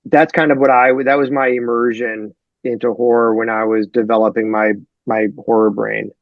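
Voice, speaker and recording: A man from Detroit, a novelist guest on a podcast, talking in a rambling, animated way full of fillers. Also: mid-range voice, normal speed, vocal fry, no room sound, phone-quality sound. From Detroit, USA. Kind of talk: casual podcast chat.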